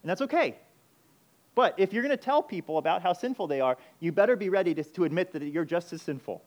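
Emphatic male preacher, loud then hushed. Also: high-pitched, lively intonation, quick pace. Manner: emphatic, swings from loud urgency to hushed intensity. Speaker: pastor. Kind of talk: sermon.

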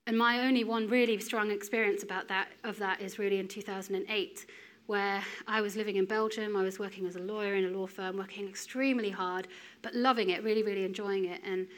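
A woman in her thirties giving a sermon in a conversational, storytelling way with lively asides. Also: mid-range voice, quick pace. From United Kingdom. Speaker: preacher.

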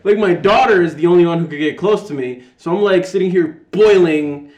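A man co-hosting a podcast, telling a dramatic sports story and bursting into shouts. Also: sits high, a little fast. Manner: dramatic, excitable, prone to shouting. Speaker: podcast co-host. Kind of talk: animated sports storytelling chat. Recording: roomy echo.

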